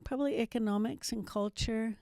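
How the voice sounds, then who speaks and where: Gravelly-voiced older woman from New Zealand. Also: on the high side, brisk, mellow, dry recording. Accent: faint New Zealand. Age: 70s. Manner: chatty storyteller with self-mocking asides. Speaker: guest missionary. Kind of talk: testimony interview.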